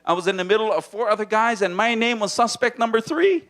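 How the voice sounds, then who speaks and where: A stand-up comedian from Hawaii performing in a small comedy room on a handheld stage mic, playful and animated, often dropping into silly voices. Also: male voice, quick pace. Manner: animated, playful, slips into character voices and movie-trailer deep voice.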